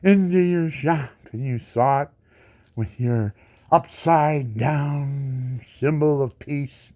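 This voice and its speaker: A disabled veteran in his seventies, a man giving an indignant ranting monologue full of rhetorical questions and repeated words. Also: on the high side. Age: 70s. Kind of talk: angry monologue to camera.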